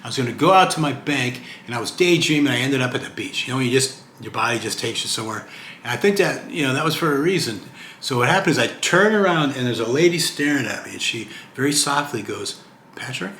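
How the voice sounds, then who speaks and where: A man's voice: mid-range voice, expressive, fast talker, a bit bright. A retired man in his sixties talking casually to camera in a rambling vlog, often checking in with "okay?". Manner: chatty, rambling, keeps asking "okay?". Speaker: retired vlogger. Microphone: camera mic. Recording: roomy echo, faint hiss.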